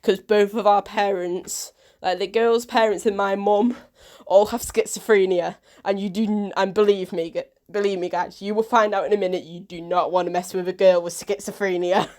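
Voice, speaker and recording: Woman, storytime vlogger, animated, acts out the dialogue. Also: mid-range voice, moderate pace, few pauses. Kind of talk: storytime vlog.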